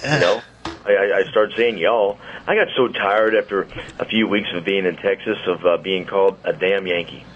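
A man in his sixties chats as the host of a radio talk show, his voice sitting low. He tells stories in a loose, rambling way. The sound is a bit dull, with faint hiss behind it. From St. Louis. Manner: chatty storyteller, quick asides. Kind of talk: casual radio chat. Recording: muffled studio audio with faint hiss.

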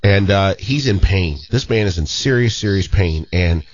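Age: 50s. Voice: low-pitched man, storytelling. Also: normal speed, dull audio. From St. Louis, Missouri. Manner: animated storyteller, frequent restarts. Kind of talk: casual storytelling.

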